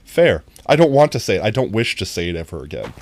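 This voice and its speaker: A live streamer chatting casually to viewers while playing, goofy and rambling, often breaking into high laughter. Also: very animated, fast talker, no echo. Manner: talks directly to chat. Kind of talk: casual gameplay stream chat.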